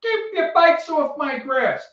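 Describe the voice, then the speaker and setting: A man's voice: very high voice, animated, slow pace, a bit bright, pitched above the performer's own voice, heavily acted. A man voicing a grumpy old man barking at kids to keep off his lawn. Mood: cranky. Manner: cranky, barking. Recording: echoey, distant, dull sound.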